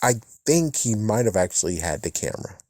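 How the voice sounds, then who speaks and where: Male reviewer, low voice, loose and profane, casual recap with frequent chuckles. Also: big pitch swings, a little fast, mellow, no room sound, studio quality. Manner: rambling, swears casually, chuckles often. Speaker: TV episode reviewer.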